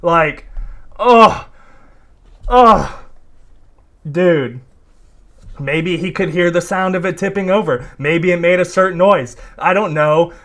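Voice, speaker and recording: A man's voice: sits high, slow pace, long pauses, a bit bright. A young man ranting in exasperation as he reacts to video clips, swearing often and repeating "dude". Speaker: commentary YouTuber reacting to clips. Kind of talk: reaction commentary.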